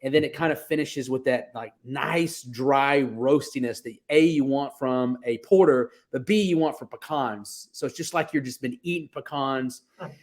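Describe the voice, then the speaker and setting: Casual Texan brewer guy in his thirties, easygoing and joking, mid-pitched. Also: moderate pace. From Texas. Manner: laid-back, joking, talks through fillers and restarts. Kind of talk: casual interview on a livestream.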